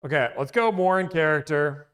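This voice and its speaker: His voice is fairly high and fairly bright, at a moderate pace. As host of a car-buying negotiation service, he rambles on a casual livestream, interrupting himself while talking car deals with viewers.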